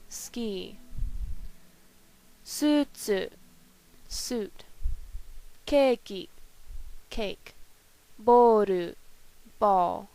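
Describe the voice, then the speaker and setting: A woman reading a scripted language lesson carefully, slowing down to spell out each example. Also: a little high. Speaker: language teacher.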